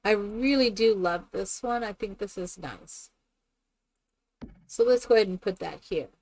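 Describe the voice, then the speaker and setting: A woman's voice: medium pitch, measured pace, darkish tone. A woman streaming a game live, chatting casually with viewers in a rambling, exclamatory way. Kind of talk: casual live-stream chat while playing.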